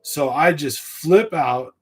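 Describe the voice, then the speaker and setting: A man hosting a fishing livestream, casually telling a rambling story from his youth in an animated way and laughing at it. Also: on the high side, slow, husky, soft background music. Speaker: fishing channel livestream host.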